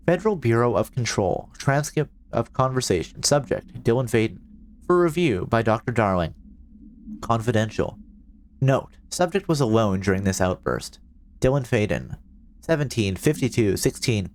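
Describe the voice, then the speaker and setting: A man's voice: fairly low pitch, big pitch swings, moderate pace. A man streaming a video game, joking around and reading in-game documents aloud. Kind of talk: casual gameplay commentary.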